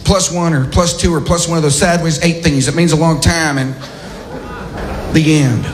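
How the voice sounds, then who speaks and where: A man's voice: on the high side, steady tone, heavy background noise, close to an everyday voice. A man doing an impression of a bumbling, drawling male president who fumbles and muddles his sayings. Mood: rambling. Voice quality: halting, fumbling speech.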